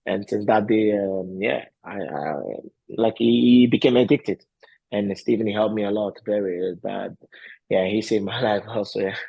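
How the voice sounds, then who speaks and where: An MMA fighter, appearing as an interview guest, answers casually in a husky, low-pitched voice and broken, non-native grammar, halting often with fillers and restarts. He tells his stories animatedly, with lively bursts of feeling and the occasional laugh. The audio is dull, dry and close, with no room sound.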